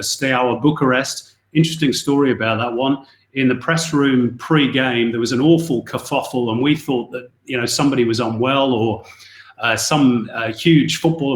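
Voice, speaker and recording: Middle-aged English commentator, echoey room. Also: male voice, mid-range voice. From Northwest England. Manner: chatty, anecdotal, with many restarts. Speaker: football commentator. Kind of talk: podcast interview, storytelling.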